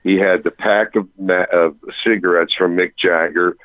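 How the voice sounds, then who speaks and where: A man, a touring rock musician, telling an animated anecdote on a radio interview, breaking off and restarting as he goes. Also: low voice, normal speed, dry recording, narrow, tinny audio. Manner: animated, self-interrupting, chuckling storyteller.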